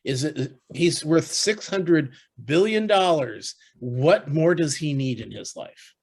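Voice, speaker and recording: A man co-hosting a podcast in casual chat, talking in halting bursts with many restarts and fillers. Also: a little high, expressive, darkish tone, husky. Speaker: podcast co-host.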